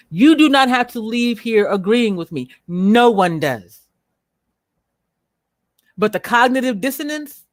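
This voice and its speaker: A woman hosting a livestream, speaking bluntly and with profanity as she rants at viewers, slowing down to stress her words. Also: a little high, dry recording, clean studio sound. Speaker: livestream host. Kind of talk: unscripted livestream commentary.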